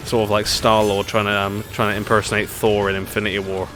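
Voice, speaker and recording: A man rambles through a live racing-game stream, laughing at his own jokes as he goes. His voice sits a little low, and game music plays clearly behind him from his home setup. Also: little pitch movement, quick pace, a bit bright. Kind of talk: live gameplay chat.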